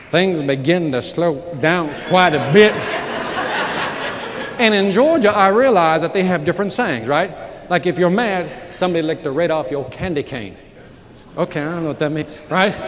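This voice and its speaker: A man giving a live motivational sales keynote, telling stories with sudden loud outbursts. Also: high voice. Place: large conference hall with audience. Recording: reverberant hall, audience noise.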